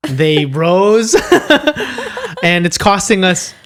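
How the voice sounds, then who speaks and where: A man's voice: high voice, huge pitch swings, drawn-out words, fairly bright tone. A man co-hosting a casual podcast chat, rambling a little and often laughing at himself. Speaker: podcast co-host.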